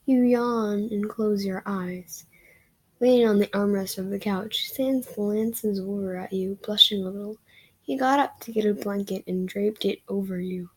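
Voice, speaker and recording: Breathy woman reading a fan story aloud. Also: mid-range voice, measured pace, low-quality recording. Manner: casual, giggly, slightly stumbling reading. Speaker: reader of fan fiction.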